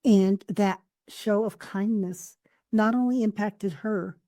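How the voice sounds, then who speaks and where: A woman's voice: mid-range voice, takes it slowly, no echo. A woman coach and therapist telling heartfelt stories in an earnest, conversational way on a podcast. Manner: earnest storytelling, warm anecdotes. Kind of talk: casual podcast chat.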